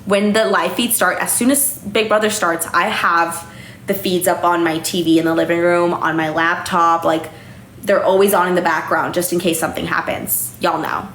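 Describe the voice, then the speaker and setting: A woman's voice: fairly low pitch, fairly even intonation, moderate pace, fairly bright tone. A young woman hosting a casual live stream from home, chatty and a little tipsy, with lots of fillers and casual swearing. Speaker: livestream host. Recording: echoey room, faint noise.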